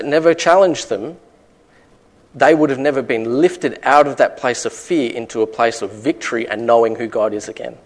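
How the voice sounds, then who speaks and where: Brief: male preacher, middle pitch, emphatic sermon delivery with rhetorical questions. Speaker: pastor.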